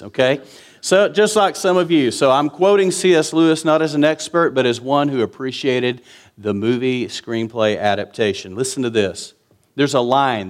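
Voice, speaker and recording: Earnest preacher man in his fifties. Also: medium pitch. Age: 50s. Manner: earnest and conversational, with emphatic repetition. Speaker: pastor. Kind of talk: sermon.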